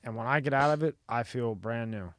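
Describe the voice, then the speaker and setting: A man hosting a podcast in casual chat, a blunt, animated storyteller who swears freely. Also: medium pitch, brisk. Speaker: podcast host.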